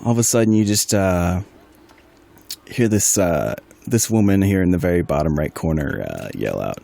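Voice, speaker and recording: A man narrates as game master in a lowish voice that swings up and down with lively pitch. He rambles along casually and adds side remarks as he sets the scene. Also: moderate pace, gravelly. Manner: rambling, chatty, many fillers and asides. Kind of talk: narrating a tabletop role-play.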